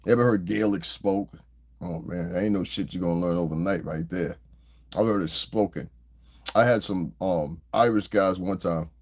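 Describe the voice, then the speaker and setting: With a deep voice and a moderate pace, this podcast host from New Jersey runs a casual commentary monologue. He talks loosely, swears freely, and laughs as he tells his stories.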